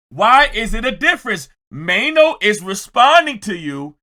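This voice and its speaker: A man commenting on a clip in a reaction video, ranting and repeating himself, sometimes shouting as he mimics others. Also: high voice, very animated, slow.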